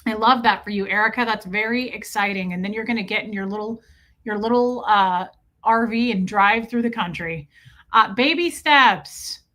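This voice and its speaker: Bright chatty woman greeting her stream. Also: mid-range voice. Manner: chatty, warm greetings, quick asides. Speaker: livestream host. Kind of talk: casual livestream chat greeting viewers. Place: room at home.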